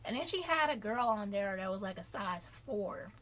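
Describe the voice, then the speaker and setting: A young adult woman vlogger giving opinionated commentary in an animated, ranting way, stretching words out for emphasis. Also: medium pitch, normal speed.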